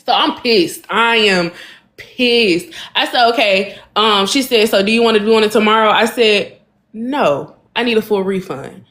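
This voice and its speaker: A podcast co-host tells a long story straight to her listeners, calling them y'all. Her voice sits a little high for a woman. She talks in an animated, exasperated, casual way.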